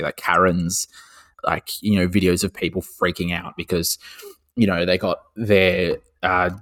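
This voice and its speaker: Young male co-host, deep voice, loose and profane, laughs a lot. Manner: swears freely, animated and laughing. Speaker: podcast co-host. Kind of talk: casual chat.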